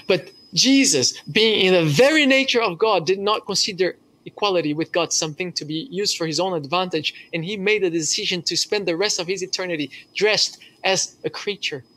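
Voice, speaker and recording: A man's voice: sits high, brisk, few pauses, fairly bright tone. A man preaching a sermon as pastor, telling a story earnestly with hesitations.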